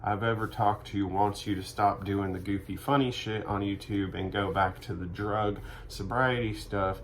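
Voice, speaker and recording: A man's voice: lowish voice, fairly even intonation, moderate pace, slight background noise, natural voice. A man putting on the voice of an obnoxious, smug actor who taunts him at a bar. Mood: mocking.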